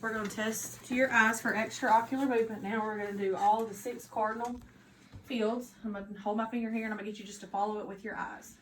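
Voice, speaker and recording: A woman who is a nursing student, narrating a physical assessment step by step with steady, instructive directions. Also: a little high, fast, a little hiss or hum. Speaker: nursing student performing an exam. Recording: echoey room with faint ambience.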